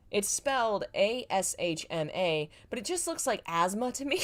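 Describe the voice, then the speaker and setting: A woman's voice: low-pitched, moderate pace, hardly any pauses. Self-mocking woman reading aloud. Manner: self-mocking, laughs at her own writing. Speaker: host reading her old fanfiction. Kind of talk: live reading with joking asides.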